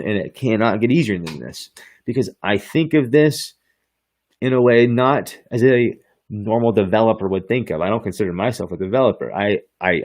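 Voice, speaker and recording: A man with a fairly low voice hosts a podcast and demos software on screen. He talks in hyped, slangy sales patter and laughs often. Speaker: podcast host. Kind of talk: screen-share software demo.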